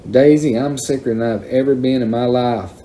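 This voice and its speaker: A man reading aloud and voicing a miserable boy who answers in a low, sheepish way. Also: fairly even intonation, moderate pace, warm tone, slight background noise, lightly acted.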